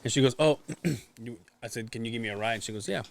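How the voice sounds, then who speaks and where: A man's voice: mid-range voice, fast, vocal fry, a little hiss or hum. A man co-hosting a podcast, telling a story casually, swearing often and acting out what people said. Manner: swears often, acts out quoted voices. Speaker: podcast co-host.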